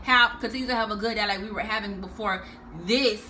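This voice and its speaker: A woman's voice: mid-range voice, steady tone, fairly quick, a little hiss or hum, close to an everyday voice. A young woman voicing a sassy, firm middle-aged woman who stands her ground in a story she is telling. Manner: loud, sassy, insistent.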